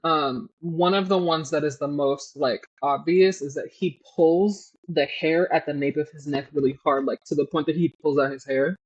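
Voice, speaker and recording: Profane, animated woman podcast cohost. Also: deep voice, normal speed, hardly any pauses, husky, dull audio. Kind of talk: casual chat recapping a book.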